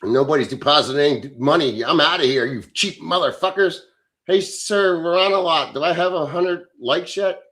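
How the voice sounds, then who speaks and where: A man's voice: a little high, moderate pace, fairly bright tone. A middle-aged man hosting a casual livestream, reading chat and answering in a blunt, profane, off-the-cuff way.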